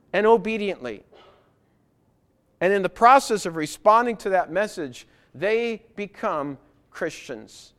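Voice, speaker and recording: A man delivers a sermon from a church pulpit, his voice sitting a little on the high side. He is earnest and emphatic, driving his points home by repeating them. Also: a bit bright, clean tone. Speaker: preacher. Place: church with baptistry.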